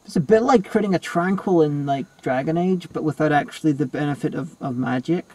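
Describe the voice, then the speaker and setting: A man's voice: a little high, a little fast, dark tone, rough recording. A man in a casual film review chat, rambling and digressive, full of "you know" and "like".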